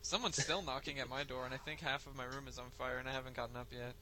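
A man's voice: medium pitch, fairly even intonation, fast talker, bright, forceful tone, slight background noise, rough recording. A man co-hosting a casual podcast, laid-back and full of crude wisecracks. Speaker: podcast co-host.

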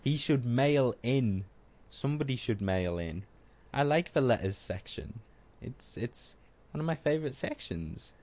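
A man's voice: mid-range voice, animated, a little slow, darkish tone. A man co-hosting a podcast in casual chat, joking and self-mocking. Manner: joking, self-mocking, puts on funny voices. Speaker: podcast co-host.

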